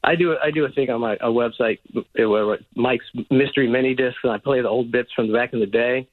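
A man's voice: medium pitch, steady tone, fairly quick. A man calling into a radio show, stammering and repeating his words as he recalls old bits. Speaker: radio guest. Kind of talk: casual radio chat. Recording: tinny cell phone line.

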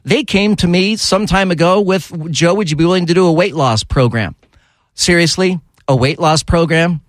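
In casual talk radio banter, this studio host's voice sits a little high and moves at a moderate pace. Irritation makes him animated and exasperated, sending his pitch soaring, and the sound is close, dry and free of echo.

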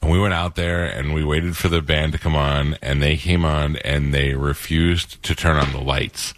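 A man hosting a radio talk show, chatting casually and telling stories with animated, heated retellings. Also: a bass voice, normal speed, dry recording.

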